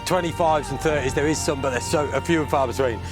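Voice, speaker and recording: Man from England, exuberant, laughing, slightly high voice, loud music behind. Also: quick pace. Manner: exuberant, laughs often, breaks into sing-song cheers. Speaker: angler, show regular. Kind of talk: excited casual chat on camera. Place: outdoors at a lakeside.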